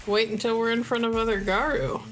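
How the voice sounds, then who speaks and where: A woman's voice: on the high side, fairly even intonation, fairly quick. A woman playing a tabletop game, narrating her character in an amused, playful way. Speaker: player.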